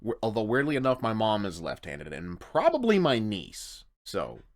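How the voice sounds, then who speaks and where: A man's voice: fairly low pitch, wildly swooping pitch, normal speed. A man hosting a reaction video, rambling casually in late-night commentary. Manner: rambling, chuckling, tired late-night talk.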